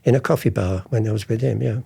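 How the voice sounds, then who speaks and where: An older art forger, the guest in an interview, talks fast in a gravelly, breathy, low-leaning voice. He tells rambling stories casually, animating his anecdotes by acting out quotes.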